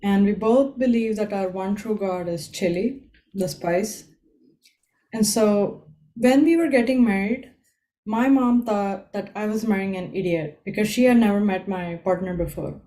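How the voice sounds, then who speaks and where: A woman performing a stand-up comedy set over a video call, telling deadpan stories and quoting her parents. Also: medium pitch, a little slow, poor audio. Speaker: open mic comedian.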